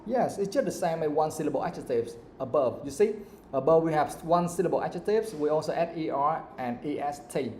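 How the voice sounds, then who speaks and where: A male teacher explains English grammar to a live class. His voice sits a bit high and sounds mellow. The room is echoey, with faint background noise. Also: lively intonation, a little fast. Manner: checks understanding with repeated questions.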